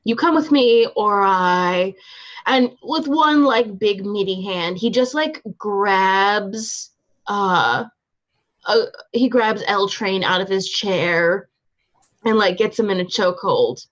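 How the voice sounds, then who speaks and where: A woman's voice: medium pitch, slow, fairly bright tone. A woman narrating a tabletop game as game master, casual and hesitant with lots of filler words, on a dull lo-fi recording.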